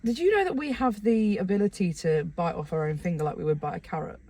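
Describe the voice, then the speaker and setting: A young woman co-hosting a casual podcast chat, giggly, playful and excitable. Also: lowish voice, fast talker. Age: young adult. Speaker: podcast co-host.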